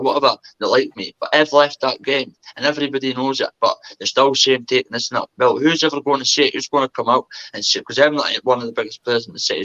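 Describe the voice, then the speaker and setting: A man's voice: medium pitch, sharp tone, lo-fi sound. A man talking earnestly and at length as a guest, peppering his speech with "mate". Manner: earnest, rambling, says "mate" constantly. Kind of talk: casual chat.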